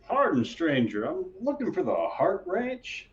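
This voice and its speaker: A man voicing a wandering frontier stranger who talks with polite, old-fashioned formality. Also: unhurried. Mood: courteous. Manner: polite, old-fashioned phrasing, lively pitch. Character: drifting male stranger, courteous and formal. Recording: dull lo-fi mic.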